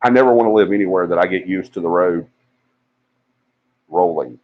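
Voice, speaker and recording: Lower-voiced man telling a story. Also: moderate pace, narrow, tinny audio. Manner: animated storyteller, acts out quoted voices, many fillers. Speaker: paranormal investigation team member on a live stream. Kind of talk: casual storytelling on a live stream.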